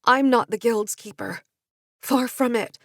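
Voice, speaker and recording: A woman's voice: on the high side, a little slow, dry recording, studio quality. A woman voicing a proud guardian of a family secret, speaking firmly and earnestly.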